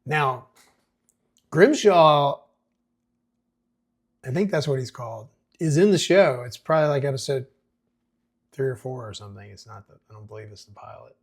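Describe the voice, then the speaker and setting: Husky guy rambling casually through a script breakdown. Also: mid-range voice, brisk, a little mellow. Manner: chatty, rambling with fillers and restarts. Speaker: screenwriting podcast host.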